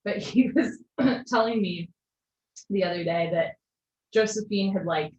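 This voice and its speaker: A woman teaching a live online yoga class, giving steady posture cues with gentle encouraging asides. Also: mid-range voice, measured pace. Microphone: video call. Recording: echoey lo-fi video call audio.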